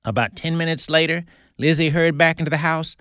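A man's voice: fairly high pitch, steady tone, fast, bright, forceful tone, clean tone, no echo, clean studio sound. A man hosting a Christian radio show, telling a story in an earnest, folksy way.

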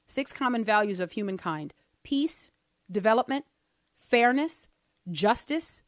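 Animated woman host, light dry sound. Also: a little high, unhurried, no room sound. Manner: animated, laughing, mock voices for jokes. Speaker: podcast host. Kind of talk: casual commentary.

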